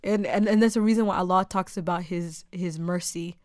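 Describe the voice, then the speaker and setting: A young woman hosting a podcast in a dark studio, talking earnestly about faith with halting restarts and rising emphasis. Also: lowish voice, steady tone, no room sound. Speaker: podcast host. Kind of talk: casual faith-centered conversation.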